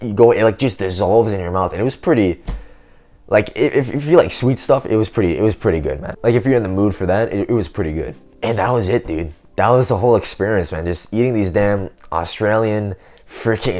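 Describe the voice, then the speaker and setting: Young man, deep low voice, casual vlog monologue, rambling, slangy, self-improvement talk. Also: a little mellow.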